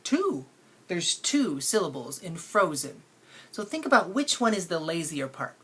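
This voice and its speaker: A woman's voice: fairly low pitch, big pitch swings, a little slow, fairly bright tone, slightly rough. A woman teacher giving a phonics lesson to children, patient and playful, stretching out sounds to show how words are said.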